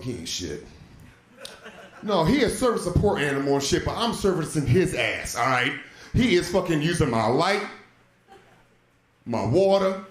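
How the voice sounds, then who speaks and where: A man doing a stand-up comedy set on a club stage, telling a profane story about his son and dog and jumping into loud, high voices for the quotes. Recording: roomy club echo.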